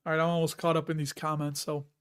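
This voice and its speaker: High-voiced chatty man in his fifties. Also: level tone, fast, smooth. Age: 50s. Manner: chatty, jokey, laughs often, rambling asides. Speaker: host of a dividend investing livestream. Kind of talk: casual livestream chat reading viewer comments.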